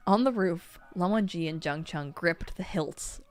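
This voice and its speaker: A woman reads a novel aloud to her stream in a lowish voice, expressive and lively in her delivery. Faint music sits under her reading. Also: unhurried, dry recording. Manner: expressive reading, breaks into laughter.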